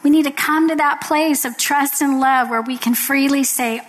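A woman's voice: sits high, steady tone, moderate pace, few pauses, low-quality recording. A woman giving an earnest devotional talk to women, telling a story to make her point.

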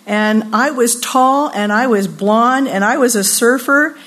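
An older woman from California giving a sermon-style talk at a women's retreat, telling lively personal stories and acting out the voices she quotes. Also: on the high side, a little slow. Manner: animated storyteller, acts out quoted voices, laughs often.

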